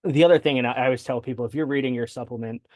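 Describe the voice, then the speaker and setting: A man's voice: medium pitch, very fast, a little mellow, no echo, clean studio sound. A man talking as a sports dietitian guest on a podcast interview, explaining things in detail and tagging sentences with "right?". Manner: explanatory, with frequent "right?" tags and fillers.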